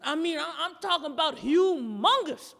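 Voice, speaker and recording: A woman performing a standup comedy routine live, telling a story in a brash, profane, animated way. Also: sits high, moderate pace, gravelly, long reverb tail. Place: live performance in a gallery space.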